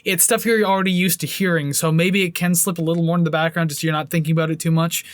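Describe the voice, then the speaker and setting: A man's voice: a little high, fairly even intonation, fast talker, no room sound. A man co-hosting a casual music review podcast, rambling and laughing often with frequent restarts. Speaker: podcast co-host.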